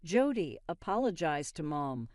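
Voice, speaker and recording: A woman's voice: sits low, sing-song, measured pace, darkish tone, no echo, clean studio sound. A woman voicing an angry young husband who talks bluntly and accusingly in a storybook narration.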